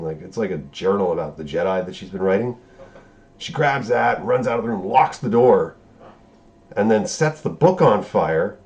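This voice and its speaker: A show reviewer gives a casual episode recap, sarcastic and profane, now and then erupting in disbelief. His voice is medium-pitched and a little mellow.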